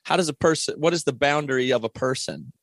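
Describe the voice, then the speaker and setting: A man's voice: mid-range voice, quick pace, a bit bright, dry recording. A man hosting a podcast, musing aloud with enthusiasm as he frames questions. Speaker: podcast host. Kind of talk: conversational interview.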